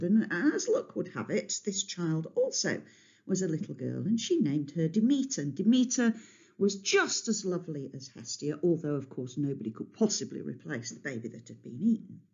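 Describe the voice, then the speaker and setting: A woman telling a myth to children in a lively, chatty way, stopping to explain words, on a dull lo-fi recording. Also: low voice, normal speed, creaky, slightly rough. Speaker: storyteller. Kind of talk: storytelling to children.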